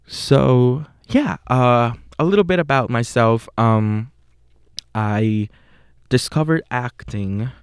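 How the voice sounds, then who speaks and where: A young man with a Puerto Rican accent hosting a podcast, talking in an unhurried, casual way with many fillers and self-corrections. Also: medium pitch, clean tone, dry recording, clean studio sound. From Puerto Rico. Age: young adult. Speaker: podcast host.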